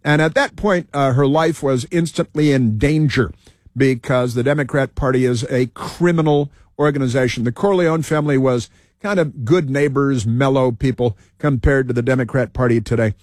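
A man's voice: mid-range voice, normal speed, a little mellow, dry recording, studio quality. A man hosting a talk radio show, giving sarcastic, combative commentary over news clips and repeating phrases for emphasis.

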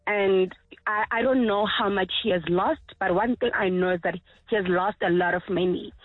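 A woman calls in to a radio show over a thin, tinny phone line. Her voice is husky and sounds dry and close. She speaks earnestly and haltingly, often going back over her words. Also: medium pitch, no room sound. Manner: earnest, halting, repeats herself. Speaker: caller. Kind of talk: phone-in call.

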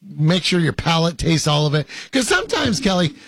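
A man's voice: a little high, sing-song, moderate pace, creaky, a bit bright, no echo, clean studio sound. A man hosting a show, reading viewer comments in casual banter, hesitant with many fillers and playfully pompous. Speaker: host.

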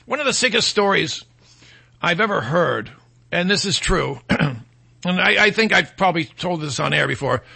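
High-voiced with vocal fry, this radio host sounds bright and forceful. His combative monologue carries a mocking tone, and he imitates the people he opposes by putting on quoted voices.

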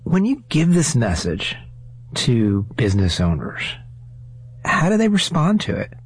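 A man from the US East Coast hosting and narrating an interview piece, asking questions in a measured, inquisitive way. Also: medium pitch, huge pitch swings, breathy edge. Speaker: host and narrator. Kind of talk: radio-style interview narration.

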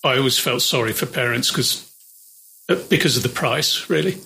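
A man's voice: medium pitch, normal speed, creaky, pushed and bright, slight background noise, low-quality recording. A man from southern England, a guest in a radio studio, chatting casually and a little hesitantly.

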